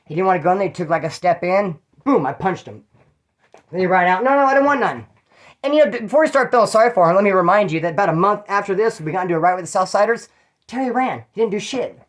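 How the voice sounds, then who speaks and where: A man telling stories straight to the viewer in a blunt, profane, casual way. He talks at a quick clip and slips into other people's voices when he quotes them. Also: high voice. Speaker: former prisoner telling stories. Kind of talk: casual storytelling to camera.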